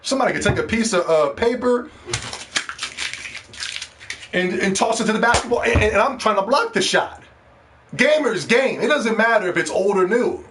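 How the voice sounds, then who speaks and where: A man with a fairly high voice hosts a podcast, talking casually. He tells animated stories and mimics the reactions of people he describes. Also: normal speed, long pauses, noisy background. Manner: animated storytelling, mimics other people in slang. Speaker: podcast host. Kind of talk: casual monologue.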